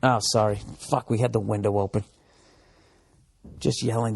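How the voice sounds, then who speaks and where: A man in his forties hosting a comedy podcast from home, rambling in a profane, animated monologue and slipping into mocking voices. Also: lowish voice, moderate pace, creaky, pauses often, husky. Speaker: podcast host. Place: home room with window.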